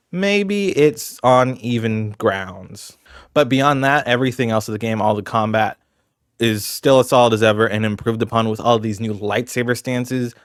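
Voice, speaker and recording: A man's voice: mid-range voice, no echo, studio quality. A man casually talking through his ranking of video games, rambling and conversational with lots of asides. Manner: chatty, rambling, fillers like "you know". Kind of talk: casual commentary.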